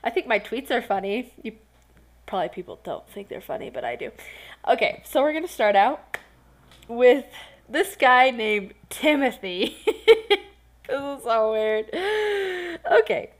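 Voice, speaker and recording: Giggly, rambling young woman podcaster. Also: mid-range voice. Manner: rambling, giggly, self-conscious, lots of fillers. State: tired, yawning. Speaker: podcast host. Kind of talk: casual solo podcast storytelling.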